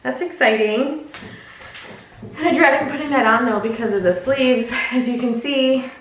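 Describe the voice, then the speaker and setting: High-voiced woman gushing over clothes, echoey room. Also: normal speed, a bit bright, slight background noise. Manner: chatty and gushing, talks to the clothes. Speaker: clothing subscription box reviewer. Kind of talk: casual unboxing and try-on chat. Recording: echoey room, mic at a distance.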